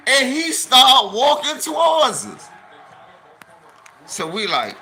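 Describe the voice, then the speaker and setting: Dc guy spinning a story slow and loud, acting out every voice, real bright tone. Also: high-pitched, expressive. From Washington, D.C. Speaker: podcast guest. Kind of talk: animated storytelling.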